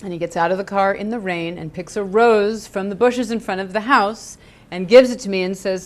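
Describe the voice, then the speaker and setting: A middle-aged woman tells a dating story as a game show guest. Her delivery is wry and understated, and her voice jumps high when she acts out her own surprised reactions. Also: fairly quick. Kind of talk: comic storytelling anecdote.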